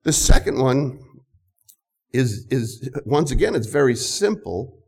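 An older man preaching an earnest sermon, often repeating words and reading scripture slowly. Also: mid-range voice, big pitch swings, darkish tone, husky. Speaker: pastor.

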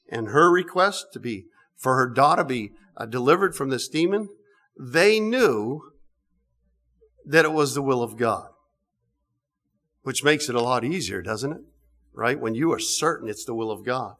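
A middle-aged man preaching a sermon, animated, with emphatic bursts and frequent restarts. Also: medium pitch.

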